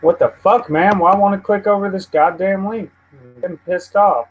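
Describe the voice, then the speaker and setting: A man's voice: high-pitched, fairly even intonation, moderate pace, soft background music, rough recording. Profane, frustrated man with a drawl. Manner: profane, easily frustrated, rambling. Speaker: livestream host. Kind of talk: casual live news stream.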